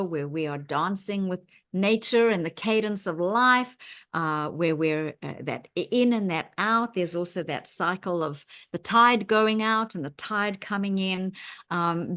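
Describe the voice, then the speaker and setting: A woman co-hosting a casual mindfulness chat, talking in a reflective way with many ums and restarts. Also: medium pitch. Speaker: podcast co-host.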